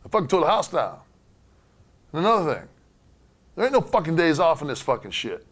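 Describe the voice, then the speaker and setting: A man voicing a furious male wrestler who shouts profane scolding at a colleague. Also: fairly high pitch, big pitch swings, brisk, voice pushed up.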